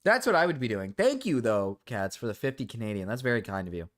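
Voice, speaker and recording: A man's voice: mid-range voice, quick pace. Giggly young man streaming live. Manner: excitable, giggly, swears freely.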